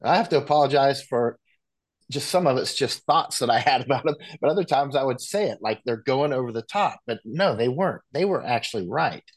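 With a medium-pitched voice and a fairly quick pace, this American man, a war correspondent guest, talks bluntly in casual conversation, often restarting his sentences and tossing in animated asides.

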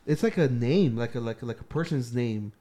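A man's voice: mid-range voice, expressive, moderate pace, warm tone. A man co-hosting a podcast, rambling casually with slang and swearing. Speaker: podcast co-host. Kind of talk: casual chat.

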